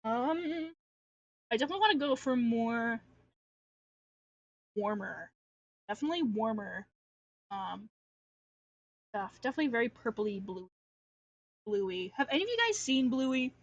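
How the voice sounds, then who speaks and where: A woman's voice: a little high, lively intonation, a little slow, pauses often, dry recording, lo-fi sound. A young adult woman chatting casually on a livestream while drawing, rambling and ranting with lots of filler and restarts. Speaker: artist streamer.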